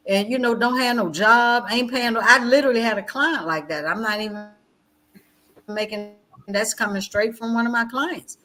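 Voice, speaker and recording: A middle-aged woman, once a chaplain and now a guest educator, tells stories in a passionate, conversational style over a video call. She presses her points insistently and repeats phrases at a moderate pace, swinging from loud outbursts to low, quiet passages.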